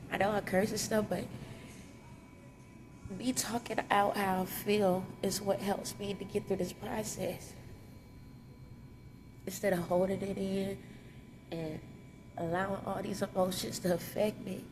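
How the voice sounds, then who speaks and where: A woman's voice: mid-range voice, little pitch movement, measured pace, long pauses, background noise. A woman with children, crying as she talks candidly about her pain to her viewers in a confessional vlog from a lobby. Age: adult with children. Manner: tearful, raw and candid, speaks in casual vernacular. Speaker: vlogger. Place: hotel lobby.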